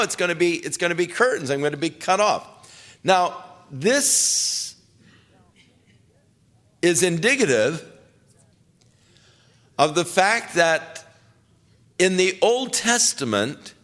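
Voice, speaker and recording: A man's voice: high-pitched, expressive, slow pace, long pauses, a bit bright. An older man, a pastor, teaching through the Bible verse by verse and retelling scripture in casual everyday words. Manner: conversational, paraphrasing scripture in casual everyday speech.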